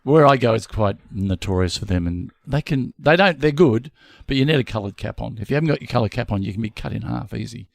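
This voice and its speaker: Man, middle-aged, gravelly voice, lively pitch, casual storyteller. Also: fast talker, few pauses, dry recording. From Australia. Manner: chatty, animated storyteller. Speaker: podcast co-host. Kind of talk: casual chat. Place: home shed.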